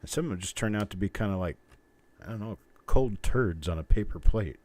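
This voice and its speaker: Low-voiced man rambling on a livestream. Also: lively intonation, a little fast, a little mellow. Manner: rambling, joking, chuckles often. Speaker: host of coin roll hunting livestream. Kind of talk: casual live-stream chat.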